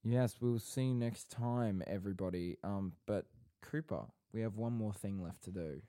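A young man co-hosts a casual podcast, his low, mellow voice rambling along and turning theatrical when he teases. The sound is close and dry, with no room around it. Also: moderate pace, clean tone, no echo. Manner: rambling, teasing and playfully theatrical. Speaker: podcast co-host.

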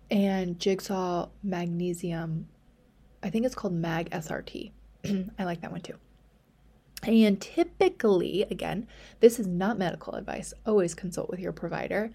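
A woman hosting a solo podcast, talking casually in a chatty, rambling way, often dropping to a soft near-whisper for quick asides. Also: fairly low pitch, gravelly, slightly rough. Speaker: podcast host.

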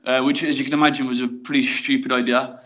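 Fast-talking man with a Black Country accent. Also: medium pitch, little pitch movement, a bit bright. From West Midlands, England. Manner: chatty and frank, with many fillers like "mate" and "you know". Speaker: guest. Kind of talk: casual storytelling in a podcast interview. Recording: slightly dull lo-fi audio.

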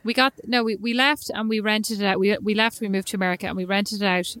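A woman's voice: medium pitch, fairly even intonation, fast talker, a bit bright, dry recording. A woman in a casual chat, telling a rambling story and acting out the back-and-forth of the people in it. The recording is dry and close, with no room sound around her voice. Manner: chatty storyteller, acts out quoted exchanges.

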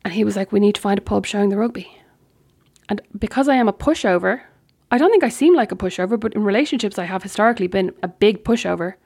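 An Irish woman tells a personal story on her podcast, chatty and candid. Her voice has a gravelly fry at the ends of phrases. She acts out the lines of the people in the story. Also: mid-range voice, quick pace, darkish tone. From Ireland. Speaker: podcast host. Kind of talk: casual storytelling monologue.

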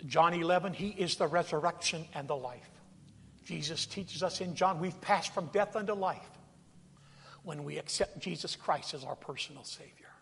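A man's voice: a little high, normal speed, vocal fry, fairly bright tone, a little hiss or hum. A man preaching a sermon from a church sanctuary, acting out scripture scenes and calling out to his congregation. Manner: dramatic, acts out scripture quotes, calls to congregation. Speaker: pastor. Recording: long reverb of a large hall.

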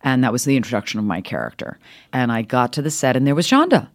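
A middle-aged woman, an actress, telling animated stories in an interview, her voice leaping up with laughter and acted-out lines. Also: quick pace. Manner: lively, swings high with laughter and voices. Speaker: actress guest.

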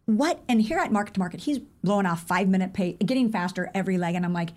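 A woman guest on a podcast, a running coach telling stories in a casual, animated way, filled with "like" and "I mean.". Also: medium pitch. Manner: animated, acts out quoted dialogue; rapid, chatty with many fillers like "like" and "I mean". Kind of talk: casual interview storytelling.

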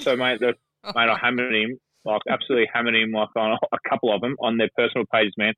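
A man's voice: medium pitch, level tone, quick pace, dry recording. An Australian man chatting about sport as a guest pundit, rambling and swearing, with plenty of fillers. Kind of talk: casual sports chat. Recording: dry phone-line call.

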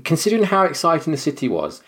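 A man co-hosting a relaxed film podcast. He talks fast with a lively, swooping pitch, throwing out quick, joking musings. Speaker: podcast co-host. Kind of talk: casual film chat.

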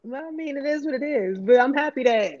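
A woman's voice: high voice, lively intonation, fairly quick, darkish tone. A woman in casual podcast chat, talking candidly and profanely, rambling with lots of slang and filler words. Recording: muffled lo-fi recording.

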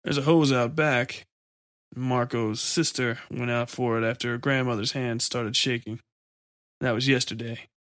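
A man voicing a tired, grim man who talks slowly. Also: mid-range voice, fairly even intonation, fairly bright tone, no echo, clean studio sound, lightly acted.

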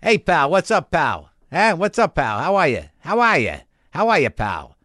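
A man's voice: fairly high pitch, wildly swooping pitch, normal speed, dry recording, studio quality. A man putting on a brash Boston pal. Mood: mocking. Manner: loud, slangy greetings in a thick put-on Boston accent. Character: brash Boston guy greeting his pals.

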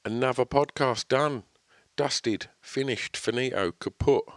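A man's voice: mid-range voice, measured pace, heavy background noise. A man hosting a podcast, chirpy and upbeat as he wraps up and thanks his listeners. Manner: upbeat, chirpy sign-off, frequent short agreement. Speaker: podcast host. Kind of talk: casual interview and outro.

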